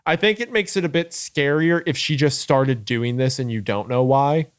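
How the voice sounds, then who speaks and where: A man's voice: medium pitch, normal speed, smooth, no echo, clean studio sound. A young man co-hosting a podcast, thinking aloud in casual discussion with fillers and restarts. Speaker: podcast co-host.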